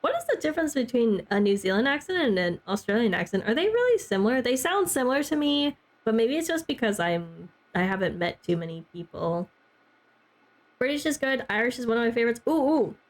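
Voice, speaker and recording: A woman's voice: fairly high pitch, very animated, a little fast. A young woman streaming a game, chatting casually with her chat and peppering her talk with "like" and little laughs. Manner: chatty, heavy use of "like", frequent laughs.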